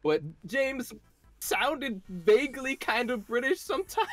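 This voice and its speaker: Brief: male voice actor guest, high voice with swooping pitch, casual chat. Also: very animated, unhurried, fairly bright tone, soft background music.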